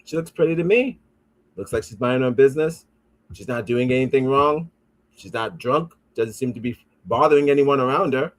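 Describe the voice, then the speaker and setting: A man's voice: mid-range voice, brisk. Male podcast host, mid-range voice, casual comedic riffing, swears freely, reads comments aloud.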